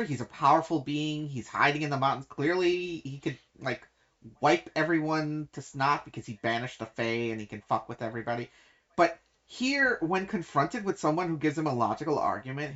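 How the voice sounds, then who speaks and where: A woman co-hosting a casual book discussion podcast, talking in animated, quick bursts and laughing often. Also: sits low. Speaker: podcast co-host. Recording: dull lo-fi sound.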